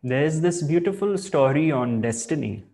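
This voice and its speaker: A man giving a spiritual discourse as a teacher, in measured, reflective phrasing. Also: fairly high pitch, lively intonation, dark tone.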